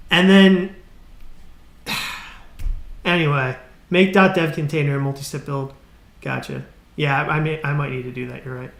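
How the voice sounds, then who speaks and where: Annoyed guy streaming code, bright voice, kinda echoey room, swears a lot. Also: a little high, moderate pace, creaky. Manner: exasperated, swearing, trailing off and restarting. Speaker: live coding streamer. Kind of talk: casual live-stream ranting.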